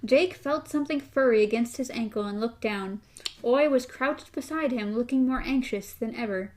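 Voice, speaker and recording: A woman co-hosting a podcast, chatting casually and reading a novel aloud, animated and quick to laugh. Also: a little high. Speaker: podcast co-host.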